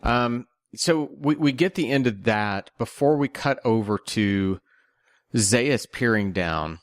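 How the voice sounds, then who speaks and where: A man's voice: mid-range voice, animated, slow pace, dry recording, clean studio sound. A man co-hosting a podcast, discussing a movie casually with a questioning, skeptical manner. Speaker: podcast co-host.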